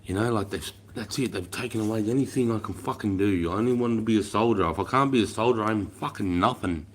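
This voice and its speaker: A quick-paced Australian livestream host in his forties, his voice very deep, rambles casually and curses without restraint. Everyone gets called mate, and his lines often sink into a soft mutter.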